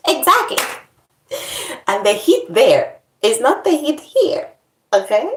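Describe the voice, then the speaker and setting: Animated woman chatting in an echoey room. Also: medium pitch, normal speed. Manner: animated, playfully dramatic complaining. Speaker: vlogger. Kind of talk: casual chat.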